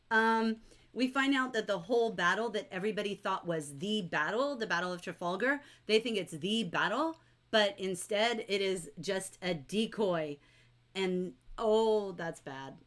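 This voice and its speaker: A middle-aged woman teaching a livestreamed novel-study class, chatty and animated, reading viewer comments aloud and acting out characters' lines. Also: mid-range voice, measured pace.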